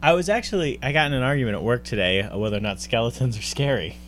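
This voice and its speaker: A man co-hosting a casual chat, animated and quick to laugh. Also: medium pitch, a little hiss or hum.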